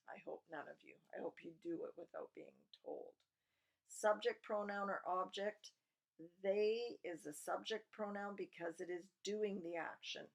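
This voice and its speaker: Woman teacher, slow patient explaining, slightly low voice, asks students questions. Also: creaky, fairly bright tone, rough recording. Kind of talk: recorded grammar lesson for students.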